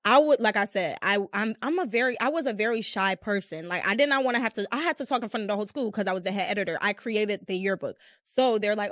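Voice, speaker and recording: A woman's voice: medium pitch, fast, few pauses, fairly bright tone, no room sound. Chatty young woman podcast host, dry close sound. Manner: chatty, rambling, heavy use of filler "like". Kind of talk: casual storytelling chat. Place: room with a small live audience.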